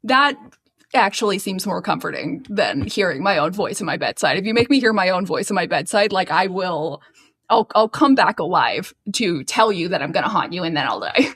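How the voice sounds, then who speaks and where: A woman's voice: on the low side, lively intonation, moderate pace, a bit bright, husky. A woman co-hosting a podcast, ranting in a sarcastic, profane, laughing manner. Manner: sarcastic, swearing, laughing rants. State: waiting for an edible to kick in. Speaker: podcast co-host. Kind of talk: casual podcast banter.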